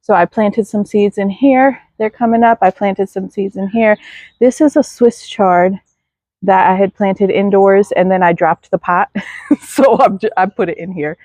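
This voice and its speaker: A woman's voice: medium pitch, a little slow, a little mellow, dry recording. A woman gives a casual outdoor garden tour, chatting to viewers and talking to her plants. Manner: chatty, self-deprecating, talks to viewers and plants. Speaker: garden vlogger.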